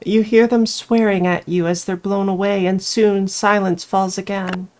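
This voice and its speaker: Slow-talking woman reading a game aloud. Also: mid-range voice, level tone, darkish tone. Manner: casual, reacting aloud, thinking through choices. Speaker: game player and reader. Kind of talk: reading a visual novel aloud with commentary.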